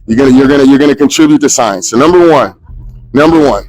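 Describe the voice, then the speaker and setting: A man with a New York accent interviewing a rapper backstage at a live show, excitable, playful and profane. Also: mid-range voice, fast talker, no room sound, rough recording.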